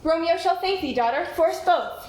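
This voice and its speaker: A woman acting a measured, advising friar in a live stage play. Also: very high-pitched, expressive. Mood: solemn. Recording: echoey hall, faint noise.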